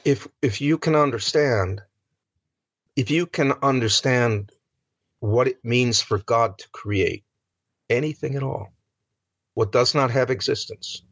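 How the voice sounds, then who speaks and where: Slow-talking older man lecturing on scripture. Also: lowish voice, fairly bright tone, dry recording. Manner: conversational, with many fillers and rhetorical asides; acts out quoted questions in a raised voice. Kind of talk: informal lecture.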